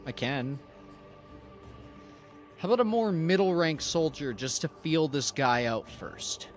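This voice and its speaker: Hesitant high-voiced man running a game. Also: big pitch swings, moderate pace, faint music behind. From Canada. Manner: hesitant, restarts to check choices. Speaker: game master streamer. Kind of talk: narrating a tabletop role-play stream.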